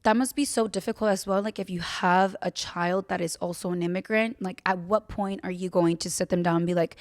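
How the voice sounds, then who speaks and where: A woman's voice: mid-range voice, normal speed, no room sound, studio quality. A young woman hosting a podcast, telling a personal story in a candid, casual way, full of fillers and the odd swear word. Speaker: podcast host.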